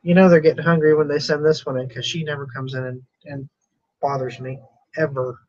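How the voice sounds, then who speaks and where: A man's voice: fairly high pitch, level tone, fairly quick. A man chatting casually on a live stream about reselling, rambling and chuckling at himself. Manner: rambling, chuckling, self-deprecating. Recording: dull lo-fi sound.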